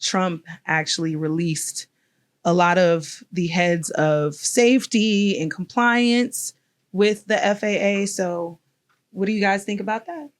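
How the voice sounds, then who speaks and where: Woman co-host, low-ish voice, casual group talk, steers topics. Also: slow. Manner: steers topics, laughs while talking. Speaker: podcast co-host.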